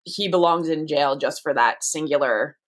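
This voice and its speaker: A woman's voice: low voice, moderate pace. A pregnant woman co-hosting a podcast, talking in a casual, rambling way with many restarts and fillers. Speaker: podcast co-host. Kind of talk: casual chat.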